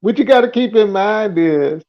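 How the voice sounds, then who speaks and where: A man in casual chat, talking slowly with a drawl and laughing a lot. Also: high voice, lively intonation. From United States. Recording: dull lo-fi stream audio.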